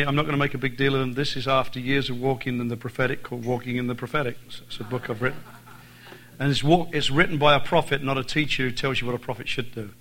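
An Irish man delivers a sermon at middle pitch. He leans on repetition, saying key phrases twice or three times to hammer them home, and his talk runs between plain explanation and rising exhortation. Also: bright, forceful tone, poor audio. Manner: emphatic, repeats phrases for stress. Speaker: visiting preacher.

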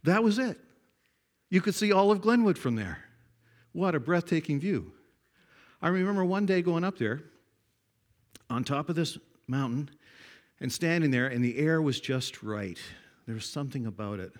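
A man's voice: fairly high pitch, expressive, moderate pace, long pauses. Folksy older man preaching with stories. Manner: folksy storytelling, swings from hushed to loud. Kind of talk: sermon.

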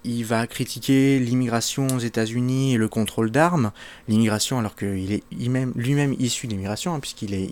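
Hesitant low-voiced male presenter. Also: darkish tone. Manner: hesitant, with many fillers and restarts. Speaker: video presenter. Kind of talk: casual commentary intro.

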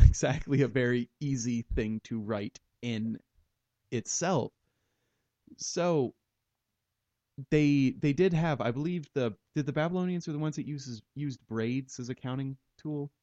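A man's voice: mid-range voice, dark tone, no room sound, highs cut off. A man hosting a casual math podcast, rambling through ideas and making puns. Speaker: podcast host. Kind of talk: casual chat about math.

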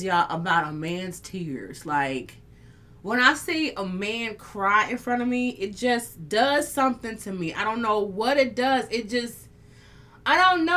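A woman with a bright, forceful voice hosts a live talk stream and reads comments from viewers. She talks candidly and emotionally, with plenty of swearing. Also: fairly high pitch. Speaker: host of a live talk show. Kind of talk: casual live-stream chat reading comments.

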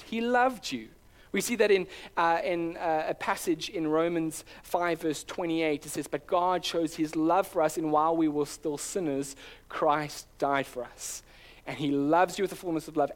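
A man preaching a sermon in an earnest, conversational way, often restarting his sentences. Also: fairly high pitch. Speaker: pastor.

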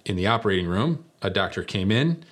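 A man's voice: lowish voice, lively intonation, brisk. A middle-aged man preaching a sermon, telling a story in a conversational, self-deprecating way.

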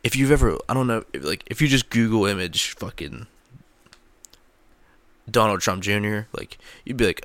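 A man's voice: on the low side, lively intonation, moderate pace, long pauses, fairly bright tone, no room sound. A man vlogging into a close mic, rambling in casual, profane commentary full of fillers. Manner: profane, filler-heavy, laughs at own jokes. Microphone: close microphone.

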